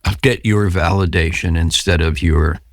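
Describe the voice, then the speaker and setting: Low-voiced man telling recovery stories. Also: fairly even intonation, normal speed, dry recording, studio quality. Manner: storytelling, acts out quoted voices. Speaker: podcast guest. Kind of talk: candid recovery interview.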